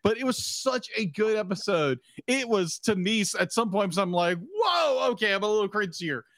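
A man's voice: high-pitched, a little fast, fairly bright tone, no room sound, clean studio sound. A man co-hosting a casual podcast, rambling with many restarts and frequent laughs. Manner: rambling, stumbles and restarts often, laughs a lot. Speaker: podcast co-host. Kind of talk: casual chat.

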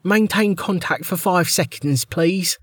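A man voicing a bored female gate official who gives flat, clipped commands. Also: high-pitched, a little slow, breathy edge, no room sound, clean studio sound, voice pushed up, full character voice. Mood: bored, curt.

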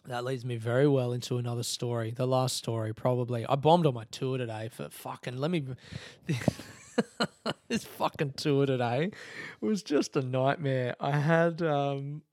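A man's voice: medium pitch, steady tone, moderate pace, darkish tone, no room sound. Guy ranting on his podcast, lots of swearing and laughing, dead dry sound. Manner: swearing, storytelling, quotes others in voices; laughs through his stories. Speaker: podcast host. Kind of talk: casual monologue podcast.

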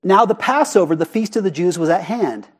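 A man preaching a sermon in a church, animated and conversational, often asking the congregation questions. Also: high voice, brisk, slightly rough. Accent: Arizona. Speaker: pastor. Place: church sanctuary.

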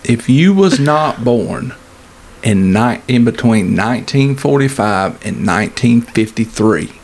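A man's voice: medium pitch, lively intonation, darkish tone. A man co-hosting a podcast, teasing and joking in casual banter. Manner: joking, teasing, drawn-out storytelling. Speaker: podcast co-host.

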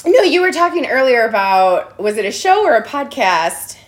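A woman's voice: a little high, big pitch swings, normal speed. A young woman co-hosting a podcast, chatting casually with lots of laughter and joking banter. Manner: giggly, joking, tipsy banter. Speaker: podcast co-host. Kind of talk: casual chat.

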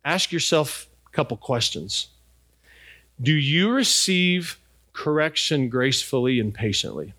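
A man's voice: medium pitch, very animated, unhurried, bright, forceful tone. A middle-aged man preaching a sermon in a conversational way, asking his congregation questions. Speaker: pastor.

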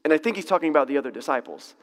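A man's voice: on the high side, expressive, rapid-fire, big-room sound. Casual, chuckling male Bible teacher. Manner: conversational, self-correcting, chuckling asides.

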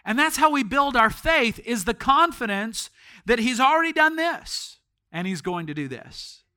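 A man preaching a sermon in a church as pastor, telling stories and swinging from hushed tones to shouts. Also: very high-pitched, sing-song, unhurried, smooth.

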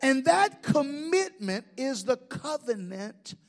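A man's voice: extremely high pitch, lively intonation, moderate pace. A middle-aged man preaching a sermon as pastor, folksy and joking, asking the crowd questions.

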